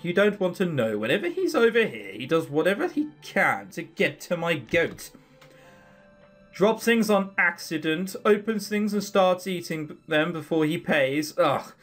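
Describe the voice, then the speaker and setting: A gruff, grudge-holding shopkeeper, put on by a man with an American accent. He talks in an insistent, grumbling way, his voice moving a lot, with faint game music behind. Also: a little high, very animated, a little slow, fairly bright tone, exaggerated voice. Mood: grumpy. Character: grumpy male shopkeeper with a grudge.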